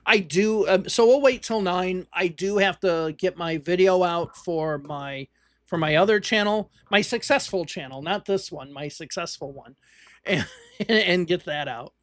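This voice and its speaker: In casual live commentary on election results, a man with a high voice rambles and thinks aloud while reading the numbers, often restarting his sentences. He speaks at a measured pace like a livestream host, and the sound is close and dry with no echo or room around it.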